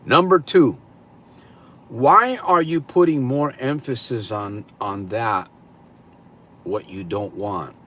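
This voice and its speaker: A man hosting a live stream, greeting viewers and slowly posing reflective questions to them. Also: mid-range voice, a bit bright, slight background noise. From California. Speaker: livestream host.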